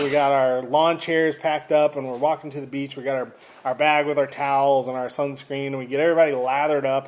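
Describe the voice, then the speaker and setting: Rambling Texan man telling a story. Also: medium pitch. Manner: rambling, animated, restarts. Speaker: vlogger. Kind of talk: casual storytelling to camera.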